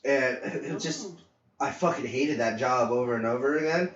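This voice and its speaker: A man's voice: mid-range voice, moderate pace, slight background noise. A man host telling work stories in a casual podcast chat, swearing and acting out the people he quotes. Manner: animated, swearing, acts out quotes loudly with laughs. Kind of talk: casual storytelling. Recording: echoey, dull lo-fi audio.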